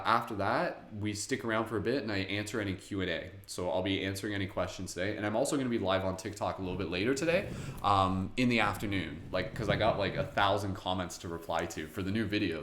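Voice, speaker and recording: A man's voice: fairly low pitch, fairly bright tone, a little hiss or hum. A man hosting a live-streamed guided meditation in a casual, chatty way, laughing often. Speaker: meditation host. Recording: echoey room.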